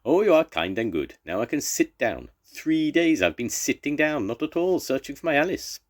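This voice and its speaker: An effusive circus elephant keeper, put on by a grandfather reading a storybook aloud. He gushes over his elephant in quaint, formal phrases. The voice jumps high and swoops about with lively excitement. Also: moderate pace.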